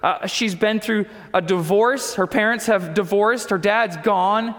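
A man's voice: high voice, a little slow, fairly bright tone, long reverb tail. A male pastor preaching a sermon, telling a personal story earnestly and acting out the dialogue.

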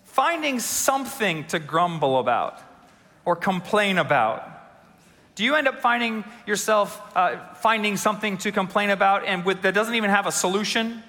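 A man's voice: high-pitched, animated, moderate pace, pushed and bright, big-room sound. A male pastor preaching a sermon, mixing humorous stories with questions to the congregation. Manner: storytelling with humor and audience questions.

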